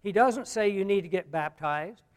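High-voiced man preaching in a reverberant hall. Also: moderate pace, clean tone. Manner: preaching, swings between hushed and loud emphatic lines. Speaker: pastor. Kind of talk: sermon.

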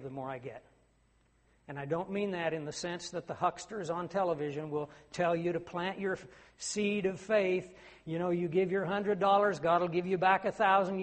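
Middle-aged male preacher, high voice, earnest with emphatic peaks, long church-hall reverb. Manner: earnest, rising to emphatic declamation. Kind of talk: sermon.

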